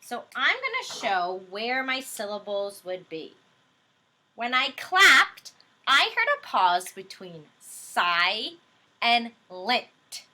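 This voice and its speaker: A woman teaching a phonics lesson to young children, slow and patient as she explains each rule step by step. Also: a little high, very animated, bright, forceful tone.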